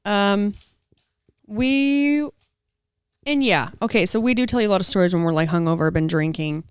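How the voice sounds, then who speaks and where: A woman's voice: medium pitch, normal speed, smooth, no room sound. A woman co-hosting a podcast, telling a funny story in a casual chat, acting out quotes and saying "dude" and "like" a lot. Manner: animated storyteller, acts out quotes. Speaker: podcast co-host.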